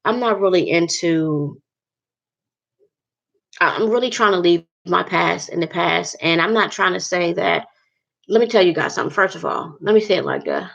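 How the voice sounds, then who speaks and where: Woman, casual faith talk to viewers, earnest and repetitive, gravelly fry, dull lo-fi audio. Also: fairly low pitch, big pitch swings, normal speed, fairly bright tone. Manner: earnest, rambling, repeats herself. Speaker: vlogger.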